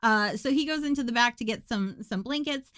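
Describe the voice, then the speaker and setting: A woman podcast co-host with a slightly high voice, recapping a movie with dry sarcasm and frequent laughter. The sound is close and dry, with no room around it. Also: brisk, fairly bright tone, no room sound. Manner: sarcastic, joking, laughs often. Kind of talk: casual podcast chat, recapping a film.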